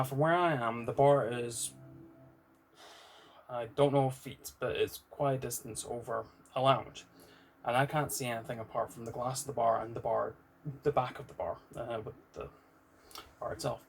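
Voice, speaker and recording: A man's voice: mid-range voice, fairly even intonation, normal speed, gravelly, a little hiss or hum. Candid rambling British man. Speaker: vlogger. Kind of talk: unscripted personal vlog monologue.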